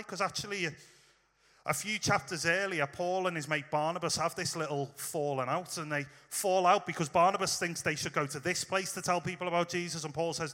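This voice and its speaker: A man's voice: a little high, steady tone, normal speed, sharp tone, long reverb tail. A man preaching in a casual, storytelling way, talking straight to his listeners. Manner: informal, storytelling, direct address to listeners. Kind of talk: conversational sermon.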